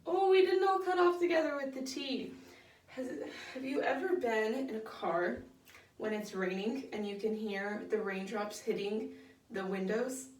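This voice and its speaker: Heard from far away in an echoing rehearsal room, a young choir director talks her women's choir through singing technique. She's patient and encouraging but uses lots of fillers, and her fairly high voice takes its time.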